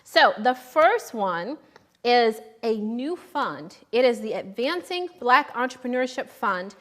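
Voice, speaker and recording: Upbeat, slightly high-voiced woman host. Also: fairly bright tone. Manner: upbeat and chatty, with frequent restarts. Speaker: host of a live shopping show. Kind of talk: casual live-stream hosting.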